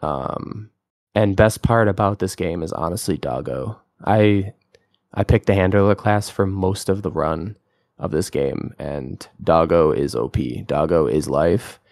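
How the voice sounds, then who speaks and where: A man's voice: low voice, expressive, a little slow, gravelly, a little mellow, no echo, studio quality. A young man co-hosting a podcast, talking through games in a casual, rambling way, full of fillers and enthusiasm. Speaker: podcast co-host. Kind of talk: casual game-review chat.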